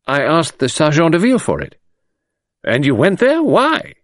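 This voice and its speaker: A man reading an audiobook voices an excitable middle-aged French police commissary who blurts out high, breathless exclamations. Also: normal speed, no echo, studio quality. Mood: pressing.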